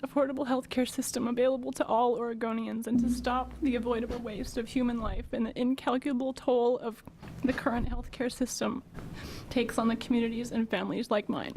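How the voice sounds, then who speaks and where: A woman testifies at a legislative hearing, her voice sitting somewhat high. She is emotional and her voice catches now and then. Faint background noise runs under her speech. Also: darkish tone. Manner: emotional, voice breaking at times. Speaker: testifying small business owner.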